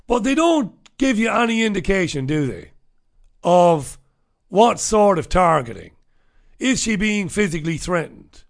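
A man's voice: high-pitched, very animated, a little slow, creaky. A man hosting his own show, chatting casually and sardonically through viewer comments, profane and rambling. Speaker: host of his own radio show and livestream. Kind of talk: casual livestream chat reading viewer comments.

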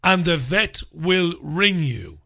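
A man voicing a stern, brisk, matronly female vet nurse who takes no nonsense. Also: on the high side, expressive, vocal fry, sharp tone, full character voice.

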